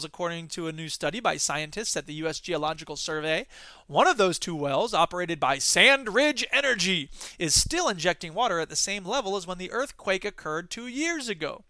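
A man's voice: high-pitched, bright, forceful tone, no room sound, clean studio sound. A male host reading news stories and breaking in with sarcastic comic asides. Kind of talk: comedic news commentary.

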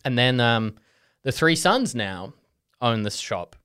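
A man's voice: medium pitch, very animated, takes it slowly, bright, forceful tone, smooth, no room sound, clean studio sound. A young Australian man telling a story in casual chat, full of fillers like "like" and "um" and frequent restarts. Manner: rambling, many fillers and restarts. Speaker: podcast co-host.

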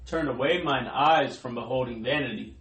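A man reading Bible verses aloud in a slow, measured way during a sermon. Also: mid-range voice, a bit bright, roomy sound, rough recording. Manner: slow, measured recitation of old-style verse. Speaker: scripture reader.

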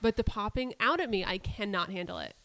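Blunt, animated woman in her twenties. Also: medium pitch, a little fast. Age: 20s. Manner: blunt, animated storytelling with swearing. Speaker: podcast co-host. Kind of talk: casual chat.

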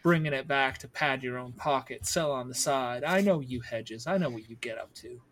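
A man voicing a big, gruff rooster-like male laborer who is hostile and pushy. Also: mid-range voice, normal speed, background noise, close to an everyday voice. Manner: accusing, pushy.

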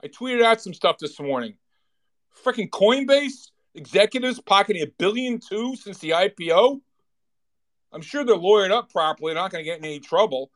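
A middle-aged man with a somewhat high voice lets loose a profane, impassioned rant in a live audio room. He builds into shouted indignation, stumbling over restarts as he pushes on. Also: lively intonation, normal speed. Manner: laughs while reading, restarts. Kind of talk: impassioned rant reading a film monologue.

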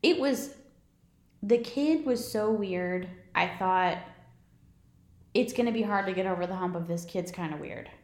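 A woman's voice: medium pitch, a little slow, long pauses, darkish tone. A woman co-hosting a podcast, chatting casually and rambling about movies, swearing now and then. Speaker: podcast co-host. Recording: roomy echo.

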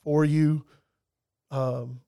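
A man's voice: fairly high pitch, little pitch movement, very slow, creaky, warm tone, clear, resonant tone. A man, a guest talking earnestly in a casual conversation, heartfelt and rambling with many restarts and fillers.

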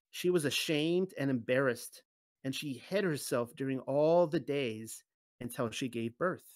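A man's voice: medium pitch, dry recording. A man reading a scripture passage aloud as a Bible teacher and breaking off into conversational comments. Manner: conversational asides between readings.

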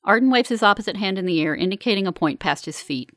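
A woman reading a first-person story aloud in a calm, measured, earnest way. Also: mid-range voice, dry recording, clean studio sound. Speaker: narrator. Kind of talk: first-person audiobook narration.

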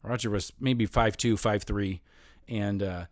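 A man's voice: on the low side, fairly even intonation, unhurried, dry recording, clean studio sound. A man in his fifties telling a long personal story in a rambling, self-mocking way, often laughing as he talks.

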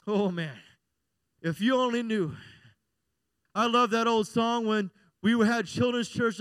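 A man pastor preaching a sermon in a church, impassioned, rising to shouts and sung lines. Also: very high voice, measured pace, long pauses, clear, resonant tone, no echo.

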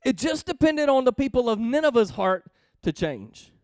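A man's voice: very high voice, big pitch swings, normal speed, darkish tone, dry recording. A man preaching in a conversational way, reading scripture aloud and explaining it emphatically, often checking in with his listeners. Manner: emphatic, reads scripture then explains it, asks the listeners questions. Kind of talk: conversational Bible teaching.

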